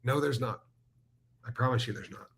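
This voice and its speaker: A man's voice: mid-range voice, moderate pace, a bit bright. A man co-hosting a casual chat show, teasing and protective, often hesitating mid-sentence. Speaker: podcast co-host. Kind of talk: casual chat reading live comments.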